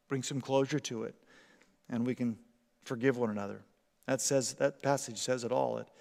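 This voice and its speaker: A man preaching a sermon in a church, animated, acting out everyday scenes and often repeating words. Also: medium pitch, big-room sound. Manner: animated, acts out parent and commercial voices, repeats words. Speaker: pastor. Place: church sanctuary.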